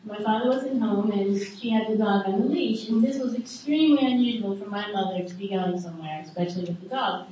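A middle-aged woman candidly telling her life story to a live group, halting often and adding wry asides. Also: medium pitch, dark tone, dull audio, slight background noise. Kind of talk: personal testimony to a live group. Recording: echoey room heard from a distance.

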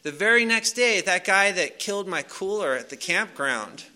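A man's voice: sits high, lively intonation, moderate pace, sharp tone. A man casually telling a personal story to a live audience. He rambles loosely, with many fillers and restarts. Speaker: speaker sharing a recovery story.

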